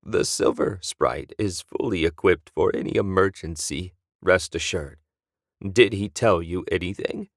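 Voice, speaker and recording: A man voicing a masked alien official who speaks in a slow, formal, controlled way. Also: deep voice, vocal fry, dry recording, clean studio sound, full character voice. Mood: measured.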